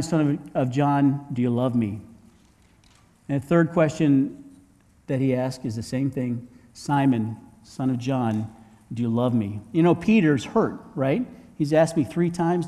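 A man's voice: mid-range voice, warm tone, in a large hall. A man preaching a sermon in a conversational way, asking the congregation rhetorical questions and often repeating words as he restarts. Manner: frequent word repeats and restarts. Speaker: pastor.

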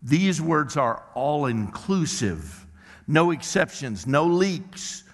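A male pastor preaching a sermon in a church, emphatic and slowing down to stress key words. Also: on the high side, very animated. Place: church worship center. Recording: long hall reverb.

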